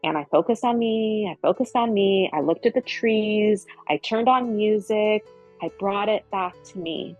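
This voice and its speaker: A woman's voice: mid-range voice, a little slow, a little mellow, dry recording, soft background music, rough recording. A middle-aged woman giving a casual spiritual coaching talk, earnest and repeating phrases for emphasis.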